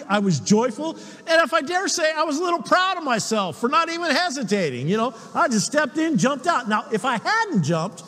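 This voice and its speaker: A man preaching a sermon, telling personal stories in an animated way and chuckling often. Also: high voice, big-room sound. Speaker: pastor.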